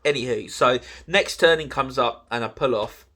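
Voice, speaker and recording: An English man hosting a solo podcast, telling a story in a rambling, animated way with lots of "like" and "um". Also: mid-range voice. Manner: rambling, full of "like" and "um"; animated, quick to sound exasperated. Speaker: podcast host.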